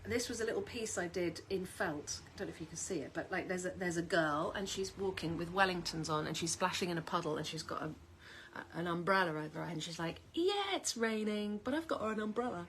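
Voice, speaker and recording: A woman's voice: on the low side, steady tone, fast, fairly bright tone, a little hiss or hum. Chatty woman rambling at home. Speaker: vlogger. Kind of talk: casual chat to camera.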